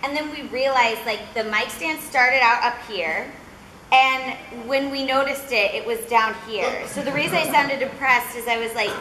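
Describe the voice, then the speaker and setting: A young woman voice actor chatting on a convention panel, an animated storyteller who acts out quotes. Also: high voice, moderate pace. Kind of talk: casual panel chat. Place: large convention hall. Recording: echoey convention hall with background noise.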